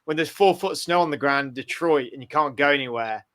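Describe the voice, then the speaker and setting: A man's voice: on the high side, fast, a bit bright. A man co-hosting a sports podcast, chatting casually and thinking aloud with many restarts. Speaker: podcast co-host. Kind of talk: casual chat.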